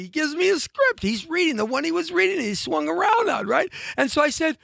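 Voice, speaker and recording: A man with a high, lively voice tells a rambling story, full of fillers and restarts. He acts out the other people's voices as he goes. The sound is bright and dry, close to the mic. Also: fairly quick, creaky, hardly any pauses, no echo. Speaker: actor telling a story on a talk show. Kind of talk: animated storytelling.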